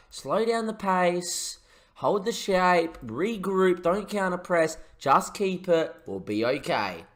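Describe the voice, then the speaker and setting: A man doing excitable mock football commentary over a video game, shouting when goals go in and chatting to his viewers in between. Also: mid-range voice. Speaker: gaming YouTuber.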